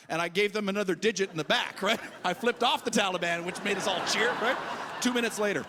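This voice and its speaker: A man's voice: sits high, fast, in a large hall, background noise. A man from Canada doing live stand-up on a comedy festival stage, telling stories in a chatty way and often asking the crowd "right?".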